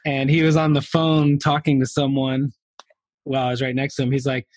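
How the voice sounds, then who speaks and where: A man's voice: medium pitch, monotone, a little fast, darkish tone, no echo. Laughing man telling a rambling story. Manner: rambling, laughs often, many fillers. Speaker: podcast guest. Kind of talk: casual anecdote telling.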